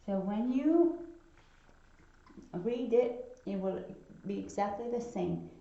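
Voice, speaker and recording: Slow, patient woman teaching phonics. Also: mid-range voice, expressive, vocal fry, dark tone. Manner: slow, patient, repeats sounds for children. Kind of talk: phonics lesson for young children. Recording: echoey room, dull lo-fi sound.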